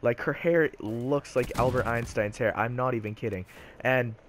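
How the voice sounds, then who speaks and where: This teen storyteller's vlog is casual and full of fillers, delivered at a normal speed in a medium-pitched voice. There's slight hiss or hum on the track.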